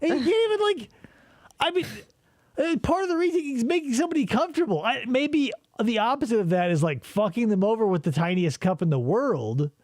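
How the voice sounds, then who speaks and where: A man's voice: very high-pitched, animated, fairly quick, darkish tone, dry recording, studio quality. A man hosting a podcast, talking casually and profanely about interrogation footage, rambling and laughing as he goes. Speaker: podcast host.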